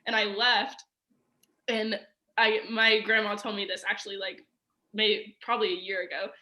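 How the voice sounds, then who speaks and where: A woman's voice: mid-range voice, flat delivery, moderate pace, sharp tone. A young woman telling a personal story as a podcast guest, chatty and casual, full of "like" and fillers. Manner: chatty, filler-heavy with frequent "like" and laughs.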